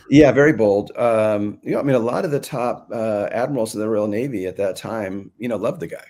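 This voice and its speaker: A man's voice: on the low side, moderate pace, dark tone. A man answering interview questions in a casual, rambling way, full of fillers and restarts. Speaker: guest author.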